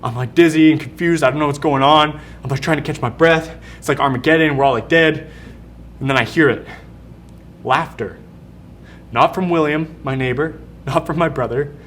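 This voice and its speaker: A young man preaching a youth sermon, telling stories in an animated, casual, slangy way. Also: fairly high pitch, moderate pace, slight background noise. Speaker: youth pastor. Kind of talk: youth sermon with personal storytelling.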